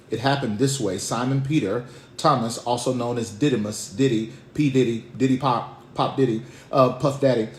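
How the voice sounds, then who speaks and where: A male pastor delivering a sermon in a lively, storytelling way, switching into playful slang voices for the people he describes. The sound is roomy and echoey, with a faint hum of ambience underneath. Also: on the low side.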